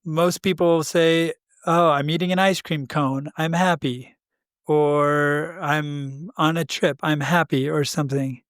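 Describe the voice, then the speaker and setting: A man's voice: on the high side, slow pace, dry recording. The man speaks in a slightly raised register and tells his story with animation, voicing the other people in it and breaking into laughter. The sound is dry and close, with no room around it. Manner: animated, acts out quoted dialogue, laughs often. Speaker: podcast co-host. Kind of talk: casual conversational storytelling.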